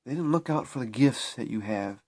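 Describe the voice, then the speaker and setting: A man's voice: mid-range voice, expressive, fairly quick, darkish tone. A man talking to camera in a spiritual vlog, preaching in a repetitive, emphatic way with frequent restarts. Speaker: spiritual vlogger.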